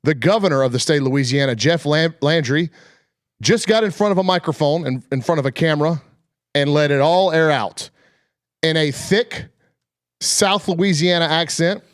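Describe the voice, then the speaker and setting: A man's voice: a little high, moderate pace, no echo, clean studio sound. A male radio host opening a sports talk show, chatty and emphatic.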